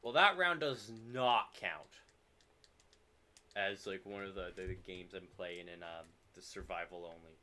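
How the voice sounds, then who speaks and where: A man streaming a video game, commenting live and swearing in loud frustrated outbursts. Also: deep voice, unhurried.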